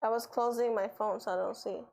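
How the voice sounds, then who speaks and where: A young woman with a slightly high voice talks casually on a livestream. She explains the rules of a party game in a loose, chatty way, full of fillers. Her delivery is relaxed and everyday. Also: brisk, creaky, rough recording.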